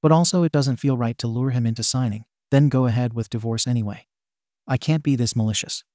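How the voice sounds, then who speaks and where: A man narrating online posts in the first person, reading in a steady, even way. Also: mid-range voice, no echo, studio quality. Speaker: story narrator.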